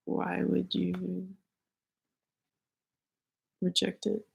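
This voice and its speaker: A woman giving a casual spiritual reading to viewers, hoarse as she loses her voice, rambling loosely with lots of fillers. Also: on the low side, completely flat delivery, extremely slow, rough recording. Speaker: spiritual reader.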